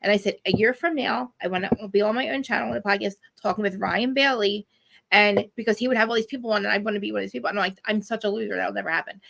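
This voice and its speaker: A woman with a New Jersey accent, chatting as a podcaster guest on a video call, animated and laughing, swearing freely. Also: mid-range voice, very fast, creaky. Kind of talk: casual chat.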